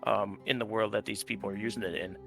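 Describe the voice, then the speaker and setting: A man who played in a tabletop game, talking it over in a relaxed, rambling way with many ums. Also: lowish voice, quick pace, vocal fry, faint music behind. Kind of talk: casual post-series chat.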